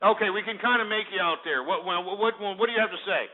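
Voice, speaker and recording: A man's voice: high-pitched, fast talker. A man hosting a call-in radio show, ranting and insulting callers in an abrasive manner. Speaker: radio host. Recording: tinny phone-like audio.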